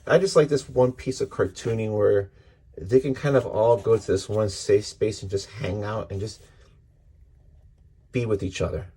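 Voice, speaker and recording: A man talks through comic storylines in a loose, rambling way, acting out the characters' lines in quotes. His voice is dark and mellow with a husky edge. It sounds like casual podcast chat. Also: lowish voice, steady tone, moderate pace. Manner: rambling, retells scenes with quoted dialogue, frequent fillers. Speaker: podcast host reviewing comics. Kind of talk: casual spoken review.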